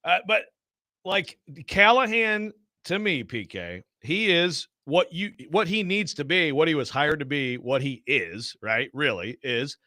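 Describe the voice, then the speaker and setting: A man hosting a sports talk radio show, chatty and quick to jump in, steering the conversation. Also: on the high side, animated, pushed and bright, dry recording, studio quality. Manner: chatty, interrupts, runs the show.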